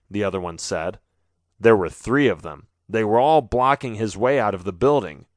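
A man narrating a children's storybook in an expressive, animated way on a studio microphone. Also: on the low side, moderate pace, no echo. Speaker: audiobook narrator.

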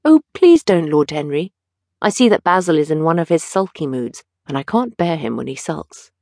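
A woman voicing an eager, petulant young gentleman in an audiobook, with lively, pleading delivery. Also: low voice, normal speed, creaky, no room sound, studio quality.

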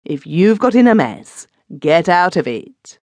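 A stern, blunt gentleman, as a male audiobook narrator puts him on, with curt, forceful replies. The voice is raised in pitch and sounds dry and close. His pitch stays lively. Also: a little slow, dry recording, heavily acted. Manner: blunt, fierce.

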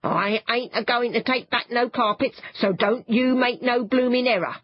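A woman voicing an indignant, gruff carpet seller who blusters and shouts. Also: fairly high pitch, moderate pace, no room sound, highs cut off, voice pushed up, natural voice. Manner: blustering, loud, dropped-g slang.

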